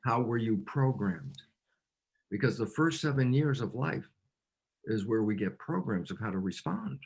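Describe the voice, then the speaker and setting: Husky-voiced man explaining science. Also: mid-range voice, normal speed. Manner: animated storyteller with frequent fillers and restarts. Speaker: guest, cell biologist. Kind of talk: conversational interview explanation.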